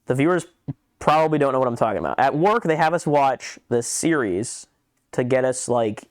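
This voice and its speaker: Man, podcast co-host, casual ranting chat, swears a lot, mid-pitched, dry close sound. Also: moderate pace, no room sound. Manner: animated ranting, swears freely.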